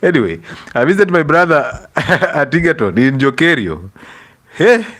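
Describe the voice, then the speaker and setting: A young Kenyan man hosts a casual livestream, greeting his audience and reading out viewers while mixing English with bits of Swahili. His bouncy, animated pitch comes at a moderate pace, full of laughter and exclamations.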